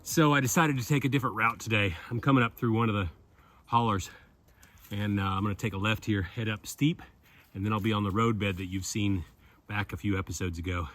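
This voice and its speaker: A man narrates a casual vlog in a lowish voice. He sounds easygoing and chatty, dropping an "uh" now and then as he thinks. Soft music plays faintly underneath. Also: steady tone. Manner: easygoing, chatty, with frequent "uh" pauses. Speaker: vlogger and property owner.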